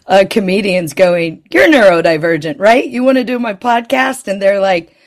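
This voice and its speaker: A podcast co-host chatting casually, joking and dropping in quick agreeing remarks. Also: mid-range voice, lively intonation.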